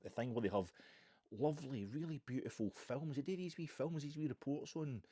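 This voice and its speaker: A man from Ayrshire with a Scottish accent, chatting on his own about football in a rambling, animated way, full of asides and restarts. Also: medium pitch, fairly quick, husky, no room sound, clean studio sound. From Ayrshire, Scotland. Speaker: football podcast host. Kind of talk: rambling solo football chat.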